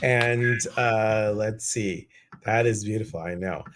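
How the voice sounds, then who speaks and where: Man, Chicago accent, host, unhurried delivery, lowish voice, easygoing chat. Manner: relaxed, chatty, reads out viewer comments. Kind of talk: casual live-stream chat.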